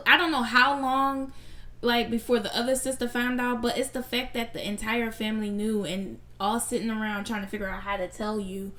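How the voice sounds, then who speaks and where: A woman's voice: on the high side, fairly bright tone. A woman hosting a reaction video, giving blunt, outspoken commentary with slangy asides.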